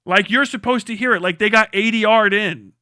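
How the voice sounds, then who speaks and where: A man's voice: sits high, a little fast, sharp tone, clear, resonant tone, no echo, clean studio sound. A man, the live streamer, delivering a rambling, profane comedic rant.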